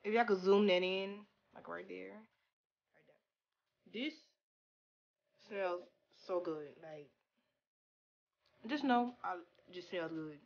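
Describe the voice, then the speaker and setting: Flat-sounding young woman vlogger. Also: on the low side, slow, gravelly, pauses often, muffled recording. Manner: talks stiffly with little mouth movement, sounds flat. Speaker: beauty vlogger. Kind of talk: casual product review chat.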